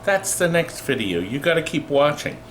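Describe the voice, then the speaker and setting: Animated man hosting in an echoey shop. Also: a little high, moderate pace, a little hiss or hum. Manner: playful, teasing, exaggerated outbursts. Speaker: host of a pinball shop channel. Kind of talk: casual joking chat on camera. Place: indoor arcade game shop.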